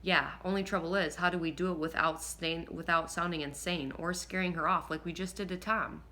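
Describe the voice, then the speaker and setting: A woman's voice: lowish voice, fairly even intonation, a little fast, bright, forceful tone. A woman reading the lines of a studious, sensible teenage schoolgirl, the narrator's best friend, in a practical, slightly doubtful way. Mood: worried.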